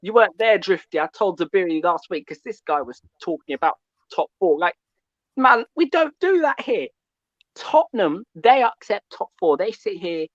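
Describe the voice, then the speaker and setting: A male caller ranting about football, loud and animated, who keeps asking "yeah?" between points. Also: high-pitched, moderate pace, no room sound, dull audio. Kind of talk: call-in football rant.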